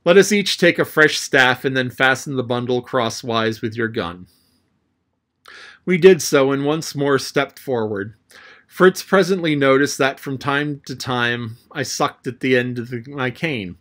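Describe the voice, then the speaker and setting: Man reading an adventure novel. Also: unhurried. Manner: lively storytelling, raising his pitch for the boy's lines. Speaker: audiobook narrator.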